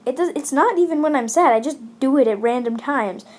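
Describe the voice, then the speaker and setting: A woman's voice: sits high, fairly quick, darkish tone. A woman from India chatting casually as she comments on a game, rambling with many fillers. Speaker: gaming channel host.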